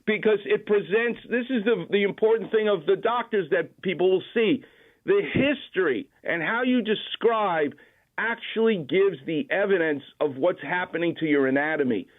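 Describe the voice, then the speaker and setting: A man's voice: sits high, normal speed. A man, a doctor calling in as a guest, explaining medical advice in a confident, precise, instructive way over the phone. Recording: tinny phone line.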